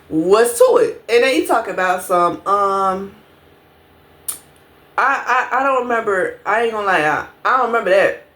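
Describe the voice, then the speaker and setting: A woman telling a storytime to her viewers, casual and profane, talking to them directly. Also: medium pitch. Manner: profane, animated, addresses viewers as y'all.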